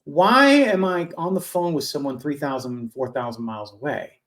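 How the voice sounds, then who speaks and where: Complaining man co-host, fairly high voice. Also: lively intonation, normal speed, a bit bright. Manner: complaining, repeats his points. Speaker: podcast co-host. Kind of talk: casual chat.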